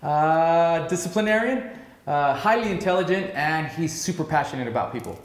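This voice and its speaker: A man in his thirties answering rapid-fire questions, upbeat and emphatic, with frequent filler sounds. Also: fairly high pitch, expressive, roomy sound. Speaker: real estate broker interviewee.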